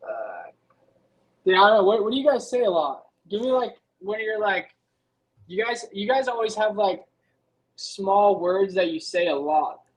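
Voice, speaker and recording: A man's voice: high voice, sing-song, moderate pace, rough recording. A young man, a guest on a podcast, talking in a laid-back, casual way full of "like" and "dude". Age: young adult. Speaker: guest motocross rider. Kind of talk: casual interview chat.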